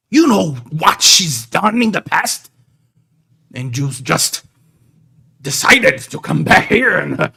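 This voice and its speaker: Man voicing a big burly Vistani leader, booming, stern, slow heavy delivery, gravelly. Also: bright, forceful tone, exaggerated voice. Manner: booming scolding.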